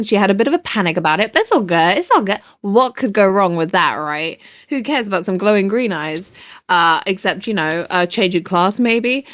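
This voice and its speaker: A woman's voice: medium pitch, a bit bright, no echo. A woman casually recapping a tabletop game in a chatty, irreverent way. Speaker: player recapping.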